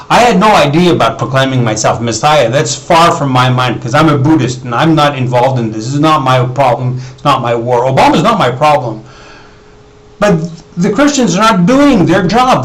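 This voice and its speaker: A man's voice: on the high side, poor audio. A man talking in a rambling video monologue, with many restarts and repetitions. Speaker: video blogger. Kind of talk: unscripted monologue to camera.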